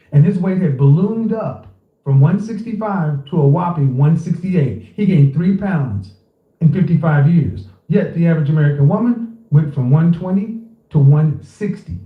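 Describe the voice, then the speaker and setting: A man on a podcast clip, pushy and argumentative, rattling off statistics. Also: a little high. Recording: tinny, echoey played-back clip.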